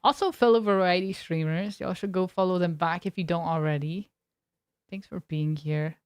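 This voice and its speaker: A woman's voice: fairly low pitch, normal speed, clean tone, dry recording. A young adult woman streaming as a variety streamer, chatting casually with her viewers in a rambling, talkative way and laughing often. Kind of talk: casual chat with live viewers.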